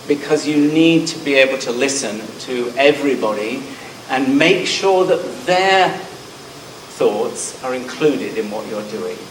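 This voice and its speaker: A middle-aged man with a southern English accent speaks at a conference, wry about himself and full of hesitant ums. His voice sits at a medium pitch and is heard from some distance in a roomy hall. A faint hum runs underneath. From Scotland. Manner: self-deprecating, frequent ums. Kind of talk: conference presentation.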